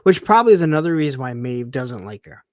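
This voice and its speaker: A man's voice: medium pitch, very animated, fast talker, a little mellow, no echo, studio quality. A man co-hosting a TV recap podcast, chatting casually with wry asides and quoted lines. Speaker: podcast co-host.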